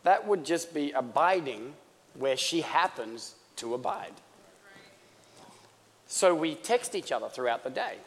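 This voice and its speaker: A man from Australia preaching a sermon in a conversational, joking manner that builds toward fervor. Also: mid-range voice. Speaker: pastor. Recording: long church-hall reverb.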